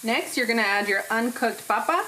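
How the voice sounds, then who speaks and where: Woman, cooking show host, home kitchen, playful, chatty, slightly high voice. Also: expressive, fairly quick, noisy background. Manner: playful, chatty, laughs often. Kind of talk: cooking demonstration.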